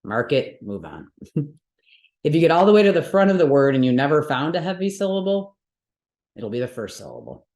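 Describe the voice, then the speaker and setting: A woman leads a Sanskrit mantra workshop, walking through the rules patiently step by step and frequently checking in with the class. She speaks low-pitched and a little fast, with wildly swooping pitch and a slightly mellow tone. The room is roomy and echoey.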